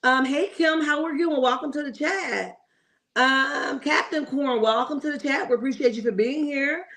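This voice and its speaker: A woman's voice: high-pitched, moderate pace, a bit bright. A woman hosting a casual reality TV commentary livestream, opinionated and chatty, greeting viewers in the chat and checking in with "okay?".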